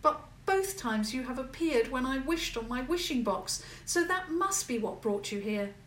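A woman's voice: animated, moderate pace, a bit bright, reverberant, far from the mic, a little hiss or hum. A woman voicing a young Tudor girl who sounds upset and a little petulant, in a storybook reading. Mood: earnest. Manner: high, pleading, a bit petulant.

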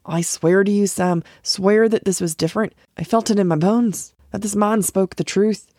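A woman's voice: medium pitch, steady tone, normal speed, mellow, no room sound, clean studio sound, pitched above the performer's own voice, lightly acted. Woman voicing an urgent pleading village man. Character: anxious insistent village man.

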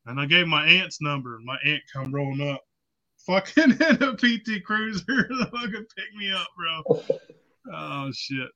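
A young man spins a profane, rambling yarn with easy laughter. His voice is strikingly bright and sits a touch high. The sound is muffled and lo-fi. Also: lively intonation, moderate pace. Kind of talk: casual storytelling.

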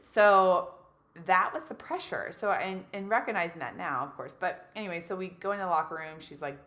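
Woman, thirties, low voice, casual storytelling, acts out quotes, echoey room. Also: normal speed. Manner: animated, acts out quotes, heavy use of "like". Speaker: guest.

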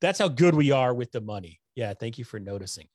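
A middle-aged man hosting a casual livestream from home, rambling and joking at his own expense, a little hoarse from talking. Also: medium pitch, animated, brisk, darkish tone, no room sound, studio quality. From Connecticut. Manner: rambling, self-deprecating, joking. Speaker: host of a nonprofit news livestream. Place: home room lit with LED lights. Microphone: desktop microphone.

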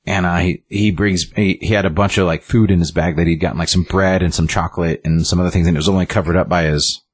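A man with a very low, husky voice retells a story in a loose, rambling way, peppered with fillers and restarts. His delivery is relaxed and conversational. The sound is close and dry. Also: quick pace, dry recording. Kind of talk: casual recap of a story.

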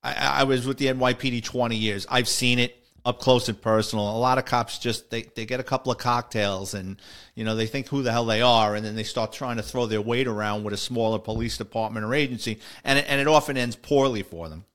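A man's voice: medium pitch, fairly even intonation, fairly quick, a bit bright. A middle-aged man, a retired police officer, telling a story in a casual monologue and voicing the people in it. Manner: conversational, voices the people in his story.

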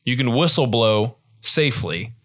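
A man's voice: mid-range voice, expressive, unhurried, a bit bright. A young man co-hosting a podcast, ranting in casual chat and swearing freely. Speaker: podcast co-host.

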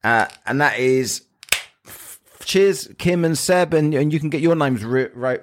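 A man's voice: a little high, a little slow, slight background noise. A man hosting a casual podcast chat, joking, rambling and laughing often. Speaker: podcast host.

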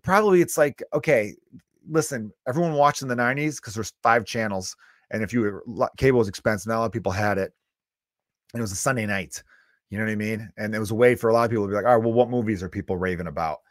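A man's voice: on the low side, fast talker, dry recording, clean studio sound. A man in his thirties hosting a solo comedy podcast, ranting bluntly with lots of swearing. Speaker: podcast host.

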